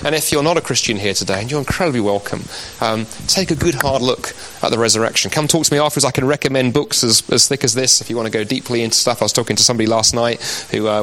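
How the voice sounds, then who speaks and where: A man's voice: mid-range voice, fairly bright tone, low-quality recording. A man with an English accent giving a live, conversational and persuasive Christian apologetics talk to an audience, dropping frequent "you know" asides.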